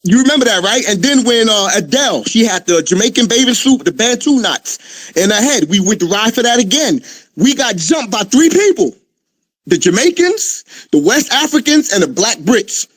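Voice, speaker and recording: Emphatic high-voiced man, dry sound. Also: big pitch swings, normal speed, fairly bright tone, no echo. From United States. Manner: emphatic, streetwise, addresses listeners as family. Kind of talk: casual opinion talk.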